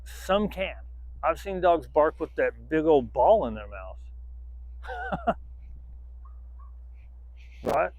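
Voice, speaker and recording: A man's voice: fairly high pitch, huge pitch swings, extremely slow, long pauses, a little mellow, no echo. A man training a dog outdoors, rambling casually to the camera, swearing freely and breaking off to give the dog commands.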